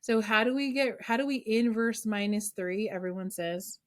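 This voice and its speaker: A woman's voice: mid-range voice, steady tone, moderate pace. A woman math teacher leading an online class over a video call, coaxing students with call-and-response questions.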